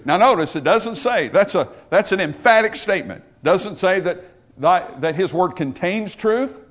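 Here a pastor delivers his sermon in a high, lively voice at ordinary speed. His style is emphatic, swelling into forceful repetition and leaning on rhetorical questions.

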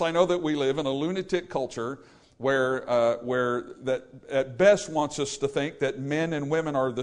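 Blunt folksy preacher man. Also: fairly high pitch. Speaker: pastor. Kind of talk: sermon.

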